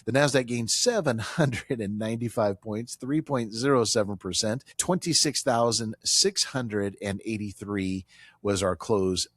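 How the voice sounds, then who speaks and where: A man's voice: fairly low pitch, a little slow, fairly bright tone, no room sound, clean studio sound. A man hosting a financial talk radio show, speaking emphatically and repeating his key points, with some casual banter with a colleague.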